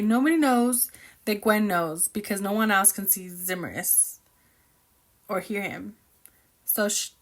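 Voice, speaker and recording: Chatty, excitable woman reacting to a book. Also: mid-range voice. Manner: chatty, excitable, opinionated and rambling. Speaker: book reviewer reacting while reading. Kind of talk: casual book reaction chat.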